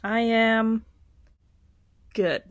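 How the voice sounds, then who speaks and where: A woman's voice: fairly high pitch, steady tone, drawn-out words, clean tone. A young adult woman co-hosting a podcast in casual chat, giggly and full of fillers. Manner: giggly, chatty, many fillers. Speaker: podcast co-host.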